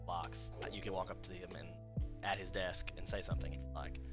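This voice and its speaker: A man's voice: sits low, steady tone. A man running a tabletop game as game master, talking casually and joking at his own expense. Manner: casual, self-deprecating, quick asides. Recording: music playing in the background.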